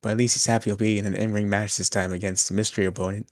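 A young man co-hosting a wrestling podcast, recapping the show in a dry, deadpan way. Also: on the low side, racing, dry recording. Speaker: podcast co-host.

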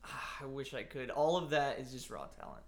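A man's voice: mid-range voice, big pitch swings, fairly quick, vocal fry. Laid-back young man chatting casually. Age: young adult. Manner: laid-back, full of "like" fillers, laughs often. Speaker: college student. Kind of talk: casual chat.

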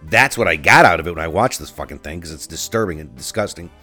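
A middle-aged man with a low voice rants through a solo podcast monologue, swearing freely and stumbling over restarts as he tells his story. Faint music sits under his voice. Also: animated, fast, pushed and bright, breathy edge. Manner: profane, ranting, frequent restarts. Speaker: podcast host.

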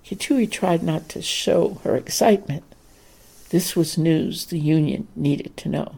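Woman, audiobook narrator, steady storytelling, low voice, gravelly. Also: unhurried.

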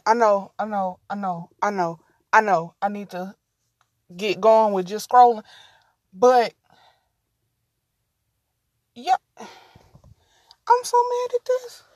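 A woman's voice: mid-range voice, no echo, studio quality. A woman hosting a casual solo podcast, rambling and easily distracted, talking to her listeners as y'all. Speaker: podcast host.

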